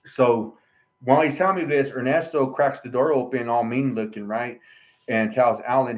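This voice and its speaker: A man's voice: mid-range voice, fairly even intonation, normal speed, low-quality recording. A man telling his own story in a casual vlog, rambling and earnest, often tagging lines with "right?" and "you know". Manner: earnest, aggrieved.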